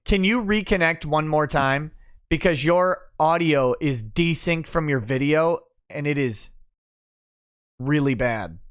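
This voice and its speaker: Brief: male stream host, casual and profane, reads chat messages in a flat run, a touch higher voice. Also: measured pace. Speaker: livestream host. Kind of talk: casual chat, reading viewer comments aloud.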